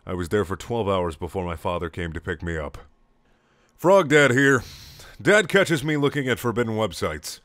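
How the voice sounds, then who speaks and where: A young man reading a comedic story aloud in clipped, deadpan lines with sudden loud outbursts. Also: fairly low pitch, no room sound, studio quality.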